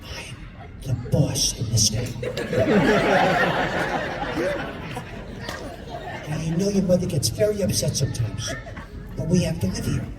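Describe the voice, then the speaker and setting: A man's voice: a little high, very noisy. A man voicing a worn-out, henpecked older father who pleads wearily with his son. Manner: weary, pleading. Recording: roomy hall, distant mic, audience laughter.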